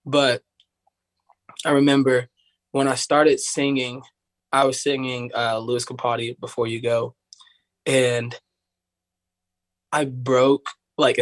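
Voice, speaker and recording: A young man from Tennessee, telling a story in a rambling, casual way, full of "like". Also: medium pitch. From Tennessee, USA. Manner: rambling, heavy use of "like", acts out voices of others. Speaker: podcast guest, singer.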